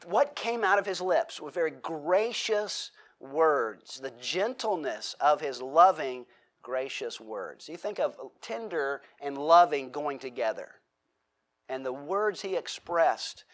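A man's voice: fairly high pitch, lively intonation, takes it slowly, fairly bright tone. A middle-aged man preaching a sermon in a conversational way, restarting his sentences and slipping in joking asides. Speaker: pastor.

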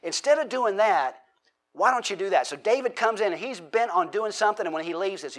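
A man's voice: sits high, animated, a little fast. A man preaching a conversational Bible-teaching sermon, asking the audience questions and acting out quotes. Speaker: pastor.

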